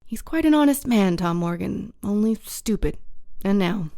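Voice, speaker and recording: A woman voicing a crafty, hearty one-legged pirate landlord who talks loud and blusters, in a storybook reading. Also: mid-range voice, expressive, moderate pace, creaky, no echo, clean studio sound. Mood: excited.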